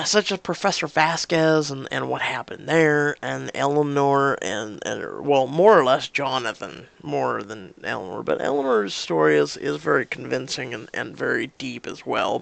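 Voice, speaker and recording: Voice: medium pitch, vocal fry, fairly bright tone, no echo. A YouTube gamer giving casual, rambling and candid commentary between story scenes, with many fillers and restarts.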